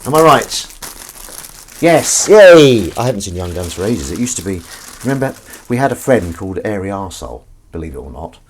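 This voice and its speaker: Lively, rambling male streamer. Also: low-pitched, fast, few pauses, a little hiss or hum. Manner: rambling, self-mocking, chatty. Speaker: livestream host. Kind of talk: casual chat with live chat viewers.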